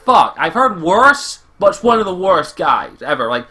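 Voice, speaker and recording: Bright-voiced, swearing Scottish man. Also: high-pitched, sing-song, moderate pace, slightly rough. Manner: profane, exasperated, rambling. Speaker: anime reviewer. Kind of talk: casual ranting review.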